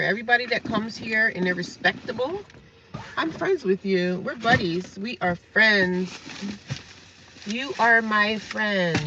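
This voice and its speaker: A woman from New Jersey talks straight into her phone on a live stream, blunt and outspoken with her viewers. Her voice is bright and forward. The sound is a little muffled, with faint traffic in the background. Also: mid-range voice. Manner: blunt, ranting at trolls, then chatty with viewers. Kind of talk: casual live-stream talk.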